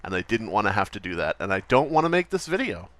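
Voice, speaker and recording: A man's voice: lowish voice, big pitch swings, quick pace, fairly bright tone, no echo. A man playing a self-pitying male YouTuber in a comedy skit, rambling and repeating his complaints over and over. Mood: whiny. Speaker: podcast host.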